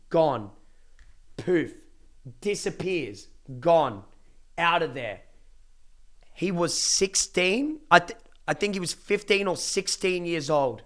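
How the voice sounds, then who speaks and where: A young man, a streamer casually telling a family story to his live chat, emphatic and repetitive, swearing freely. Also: a little high. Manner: animated, emphatic repetitions and dramatic pauses.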